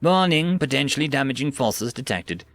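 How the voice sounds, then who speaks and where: A man's voice: mid-range voice, sing-song, moderate pace, fairly bright tone, no room sound, faint music behind. A man playing a prim, smug food-dispenser machine. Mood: formal. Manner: prim, overly polite, scripted customer-service tone.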